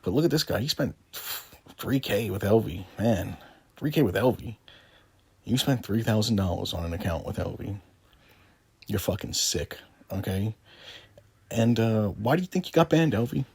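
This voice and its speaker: A man's voice: on the low side, animated, moderate pace, vocal fry, pauses often, darkish tone, slightly rough, dry recording. A man giving sarcastic, taunting commentary over a screen recording, swearing often. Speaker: gaming video creator.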